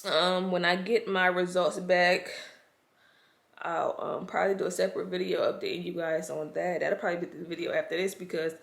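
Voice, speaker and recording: A woman's voice: on the low side, level tone, a little fast, gravelly. A woman vlogging straight to camera. She is stressed and overwhelmed, and she talks to her viewers in an emotional, frustrated and anxious way, often calling them "y'all.". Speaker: pregnancy vlogger. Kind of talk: casual talk to camera.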